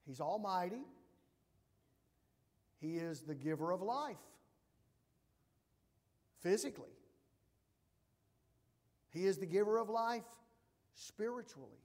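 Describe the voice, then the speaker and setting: A man preaching a sermon as pastor, emphatic, swinging from hushed asides to loud declarations. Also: on the high side, long reverb tail.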